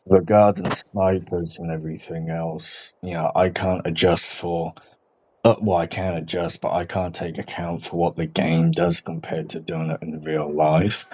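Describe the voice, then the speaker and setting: A man chatting casually about a game, relaxed and swearing freely. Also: sits low, a little slow. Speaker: gaming podcast host. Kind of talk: casual chat. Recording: muffled lo-fi sound, faint music.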